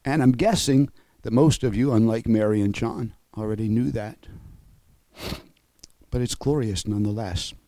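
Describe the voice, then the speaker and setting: A man's voice: on the low side, normal speed, dark tone, dry recording, low-quality recording. A man preaching an emotional, fervent sermon over an online call. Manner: emotional and fervent, voice rising and falling.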